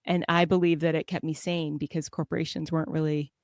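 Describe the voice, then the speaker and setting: A woman from Southern California, a guest on a podcast, telling lively self-deprecating stories and laughing often. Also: sits low, quick pace, no room sound, clean studio sound. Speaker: guest author. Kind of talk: casual conversational storytelling.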